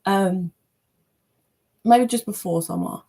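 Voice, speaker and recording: A woman giving a casual, chatty tarot reading, animated, with loose language and playful asides. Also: medium pitch, slow pace, vocal fry. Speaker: tarot reader.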